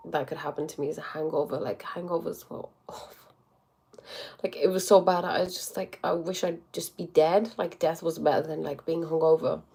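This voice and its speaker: A young woman with a blocked nose, chatting casually on a livestream, with lots of likes and quick acted-out quotes. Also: low voice. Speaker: livestream host.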